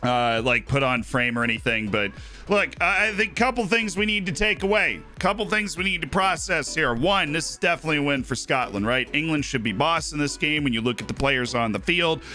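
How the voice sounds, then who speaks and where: A man's voice: fairly high pitch, animated, fairly quick, pushed and bright, faint music behind. A man hosting a live stream, chatting casually about football and rambling with lots of "right?" and "like". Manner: rambling, tags "right?" and "like" often.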